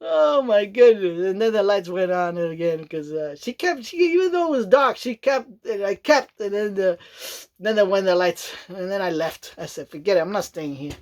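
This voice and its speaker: A woman with a mid-range, darkish, expressive voice vlogs at a normal speed. Her casual monologue rambles along in a chatty way, and she keeps checking in with the listener, repeating "you know what I mean" and laughing often.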